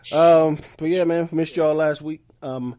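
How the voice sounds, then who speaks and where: A man's voice: a little high, dark tone, no room sound. A man co-hosting a podcast, chatting in a laid-back, easygoing way with plenty of ums. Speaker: podcast co-host. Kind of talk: casual podcast chat.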